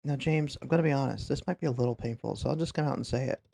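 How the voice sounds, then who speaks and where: A man's voice: mid-range voice, rapid-fire, gravelly, warm tone. A man voicing a slick TV talk show host who talks in showy presenter patter.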